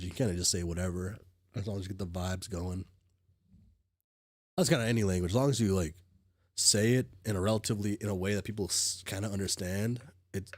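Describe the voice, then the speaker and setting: A man's voice: fairly low pitch, slightly rough, no echo, studio quality. A sick man chatting casually while streaming, rambling with restarts and casual swearing. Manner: rambling, full of restarts and fillers. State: sick, coughing. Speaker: streamer reading a webcomic. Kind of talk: casual livestream chat.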